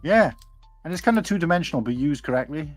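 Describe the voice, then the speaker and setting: A man hosting a casual online chat about toy sets, chatty and animated, laughing often. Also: on the high side, fast talker, no room sound, faint music behind. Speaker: podcast host.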